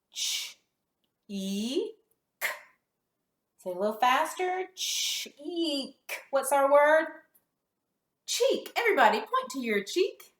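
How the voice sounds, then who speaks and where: Woman teacher for little kids, slow deliberate phonics drill, animated praise, roomy echo. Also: a little high. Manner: slow, exaggerated sound-by-sound modeling with lively praise. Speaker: kindergarten teacher. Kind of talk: phonics lesson for young children.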